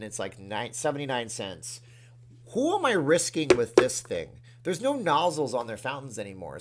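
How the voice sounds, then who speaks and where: Guy chatting on a livestream from his room, reads chat, gets all excited thanking folks. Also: medium pitch. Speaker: livestream host.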